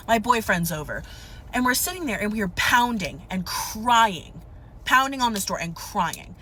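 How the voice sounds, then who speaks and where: A woman's voice: medium pitch, bright, forceful tone, slight background noise. A young woman telling a casual storytime to her viewers, chatty and exasperated, calling them divas. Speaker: storytime vlogger.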